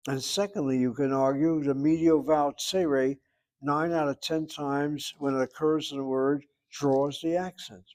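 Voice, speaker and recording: A man's voice: on the high side, steady tone, unhurried, darkish tone. A man teaching a Hebrew grammar class, explaining at length with wry asides and calling on students by name. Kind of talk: online class lecture.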